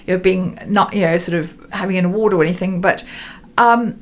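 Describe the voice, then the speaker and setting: A woman's voice: on the low side, brisk. A woman hosting a radio talk show, interviewing a guest in a casual, enthusiastic way and reacting expressively.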